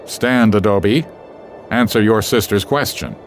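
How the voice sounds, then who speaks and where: A man voicing a calm, wise male wolf who leads the pack, speaking quietly and firmly. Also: lowish voice, a little slow, soft background music, pitched above the performer's own voice, natural voice. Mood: solemn. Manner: quiet, firm, solemn.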